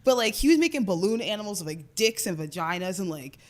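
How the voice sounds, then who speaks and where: A woman in her twenties co-hosts a podcast, spinning a long story in casual chat, swearing often and saying "like" a lot. Her mid-range voice is expressive and a little mellow, and she talks fast.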